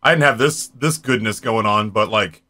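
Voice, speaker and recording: A man's voice: lowish voice, normal speed, pushed and bright. A man in his forties chatting casually on a live stream, rambling and talking straight to his viewers. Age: 40s.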